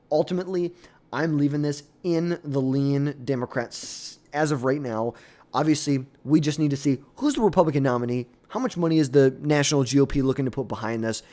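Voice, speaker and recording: A man's voice: medium pitch, mellow. A young man giving blunt, opinionated political commentary in a casual, off-the-cuff way, often trailing off and restarting.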